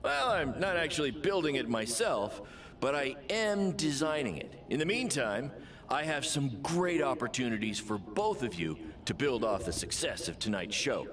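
A man voicing an upbeat, scheming wrestling manager who talks in a brisk, salesy, joking way. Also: medium pitch, big pitch swings, a little hiss or hum. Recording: game audio over loud crowd.

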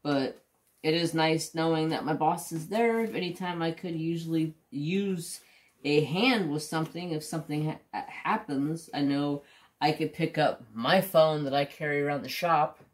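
A man's voice: a little high, normal speed. A middle-aged man chatting casually and bluntly while doing a craft, rambling and swearing freely. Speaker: craft channel host. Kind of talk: casual chat while diamond painting.

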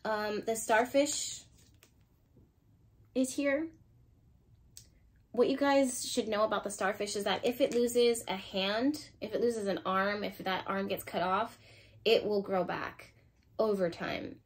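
A woman giving a tarot reading, speaking in an intuitive, emotional way. She thinks aloud as she turns the cards, and her voice sits at an ordinary middle pitch. Now and then she breaks into quick bursts of excitement. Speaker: tarot card reader. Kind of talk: intuitive pick-a-card reading.

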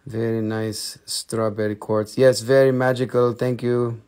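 A man's voice: mid-range voice, little pitch movement, measured pace, darkish tone, clean tone. A man with a Russian accent hosting a live crystal sales stream, playful and in broken English. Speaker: online crystal seller.

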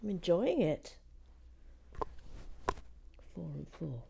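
A woman giving relaxed commentary while building a set, chatty and often slipping into a soft whisper. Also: lowish voice, very slow, creaky, a little hiss or hum.

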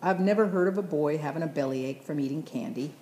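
A woman reading the part of a fond, teasing old grandfather in a storybook, her low mellow voice in a roomy room. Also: a little fast, a little hiss or hum, natural voice. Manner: gently teasing, chuckling.

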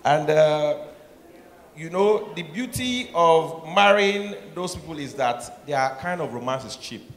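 A man from Nigeria with a Nigerian accent doing stand-up comedy, acting out voices and swinging from soft asides to shouted punchlines. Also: a little high, lively intonation, takes it slowly. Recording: echoey hall, noisy live room.

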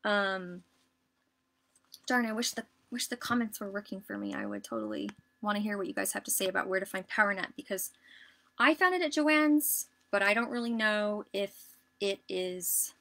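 A woman giving a casual live sewing tutorial, chatty and relaxed, with lots of ums and likes. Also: mid-range voice, moderate pace. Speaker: sewing instructor.

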